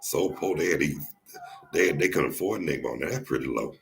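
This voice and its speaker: Very deep-voiced Southern man, joking. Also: lively intonation, fairly quick, vocal fry, faint music behind. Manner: joking storyteller, repeats and restarts phrases. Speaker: podcast host. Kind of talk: casual chat.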